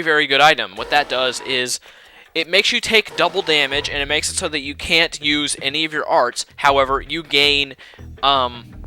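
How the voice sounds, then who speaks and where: A man's voice: a little high, bright, forceful tone. A man giving casual, rambling commentary over a video game, slightly out of breath. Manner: chatty, rambling, with fillers and asides. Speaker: let's play narrator.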